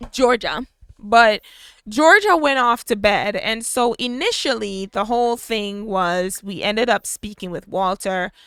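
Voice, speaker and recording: A young woman narrating a life-simulation game story in a chatty, animated way. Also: medium pitch, clear, resonant tone, dry recording. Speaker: gameplay storyteller. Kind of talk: casual narrated gameplay storytelling.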